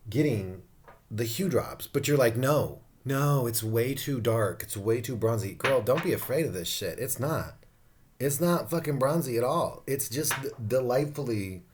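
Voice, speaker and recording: A man's voice: mid-range voice, a little hiss or hum. A man giving a casual skincare review at home, campy, profane and playful, laughing often. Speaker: beauty vlogger reviewing skincare.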